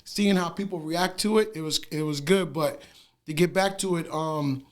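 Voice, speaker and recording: A man's voice: fairly high pitch, moderate pace. A man guesting on a podcast, talking casually and animatedly about his work as a barber, laughing often and using slang fillers. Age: adult with wife and two sons. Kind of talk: casual interview chat.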